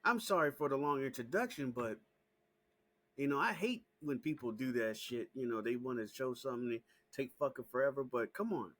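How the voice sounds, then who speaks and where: A man's voice: medium pitch, fairly quick. Profane, heated man ranting to camera. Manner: heated, profane and repetitive, rising into shouting. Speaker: small YouTube channel host. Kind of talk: casual direct-to-camera rant.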